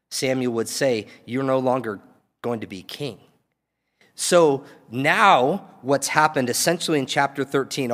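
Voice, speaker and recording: A man's voice: mid-range voice, a bit bright. Casual-talking preacher man in a hall. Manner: casual storytelling preaching with asides. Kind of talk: sermon.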